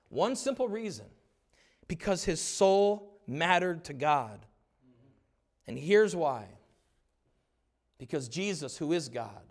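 A man preaching a sermon, earnest and emphatic, slowing down to stress key phrases and acting out quoted lines. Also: fairly high pitch. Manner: acts out quoted dialogue in changed voices. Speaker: pastor.

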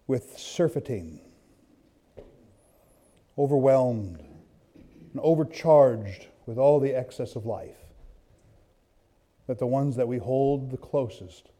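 A man preaching a sermon, telling a story and then reading scripture, swinging from hushed asides to loud bursts. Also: medium pitch. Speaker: pastor.

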